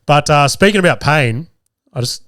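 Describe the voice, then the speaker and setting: A man's voice: on the high side, expressive, normal speed, a bit bright, dry recording, clean studio sound. A man, telling casual stories as a podcast host, swearing freely and acting out quoted lines. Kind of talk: casual storytelling.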